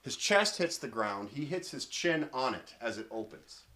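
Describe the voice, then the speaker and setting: A man's voice: mid-range voice, sing-song, normal speed, bright, forceful tone. A man narrating a tabletop role-playing game as game master, telling the story in a hesitant, unscripted way with frequent restarts.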